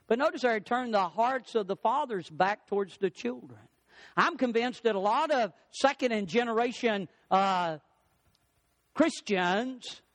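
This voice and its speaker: A middle-aged male pastor preaching a sermon, swinging his pitch and pace for emphasis. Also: dry recording.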